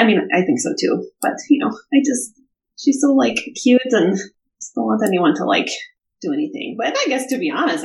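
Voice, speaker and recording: A woman's voice: on the high side, reverberant, rough recording. A woman playing a tabletop role-playing game in character, talking hesitantly with many fillers and restarts. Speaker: player.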